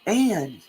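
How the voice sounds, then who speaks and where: A woman's voice: low-pitched, dark tone, low-quality recording. Woman hosting a casual true crime livestream, talkative and heartfelt, over faint hiss. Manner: chatty, emotional, thanks viewers by name. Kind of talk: casual livestream talk, reading chat.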